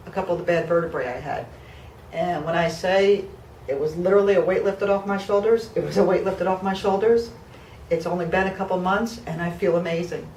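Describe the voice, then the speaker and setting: A woman's voice: fairly low pitch, roomy sound, recorded from a distance, a little hiss or hum, rough recording. A woman of fifty from New Jersey giving an emotional patient testimonial, heartfelt and close to tears, with fillers and restarts. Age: 50s.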